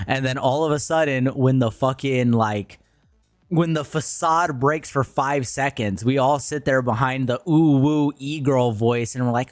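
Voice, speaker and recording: A man's voice: medium pitch, a little slow, no room sound, faint music behind. Blunt ranting young man streaming. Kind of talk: casual stream commentary.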